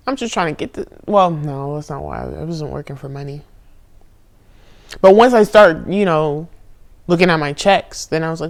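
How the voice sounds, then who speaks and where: A young woman recording a confessional vlog on her phone, candid and profane, drifting from low murmurs to loud outbursts. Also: lively intonation, normal speed. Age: young adult. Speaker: spiritual vlogger. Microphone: phone camera.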